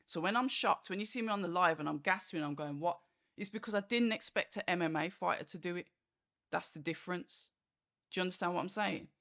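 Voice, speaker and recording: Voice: medium pitch, quick pace, creaky, fairly bright tone. Chatty boxing vlogger. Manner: chatty and rambling, fillers like "like" and "you know", acts out quoted reactions. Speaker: boxing channel host. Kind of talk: casual fight review monologue.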